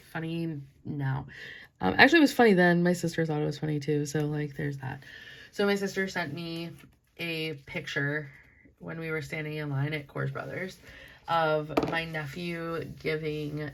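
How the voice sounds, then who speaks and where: Chatty young woman with a gravelly voice. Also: deep voice. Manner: chatty, frequent "like" fillers. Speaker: planner vlogger. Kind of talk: casual chat.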